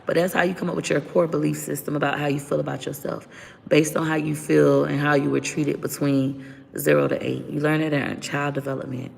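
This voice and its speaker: A woman's voice: sits low, little pitch movement, a little fast, gravelly, in a large hall. A woman around forty telling a candid personal story as a vlogger, blunt, profane and unfiltered.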